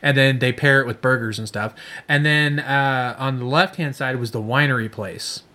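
A man's voice: mid-range voice, moderate pace, sharp tone. Rambling male host from Chicago. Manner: loose, rambling, repeats words as he starts. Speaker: host, interviewer. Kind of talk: casual conversation.

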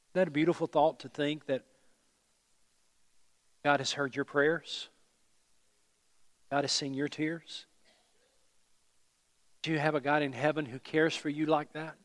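Man, pastor, sermon, earnest, emphatic rises, hushed endings, slightly high voice, long hall reverb. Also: steady tone, a little slow, long pauses.

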